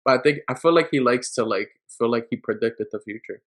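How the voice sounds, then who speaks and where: A man's voice: medium pitch, fairly quick, fairly bright tone. A man co-hosting a sports podcast, laid-back, laughing often and using profane slang. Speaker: podcast co-host. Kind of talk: casual sports podcast chat.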